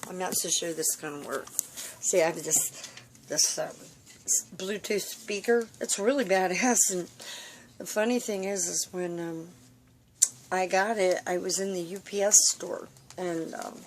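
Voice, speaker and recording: Weary, halting woman vlogging at home. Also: on the low side, a little hiss or hum. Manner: halting, full of fillers and restarts; weary, confiding. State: tired. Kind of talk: rambling personal vlog. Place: room at home.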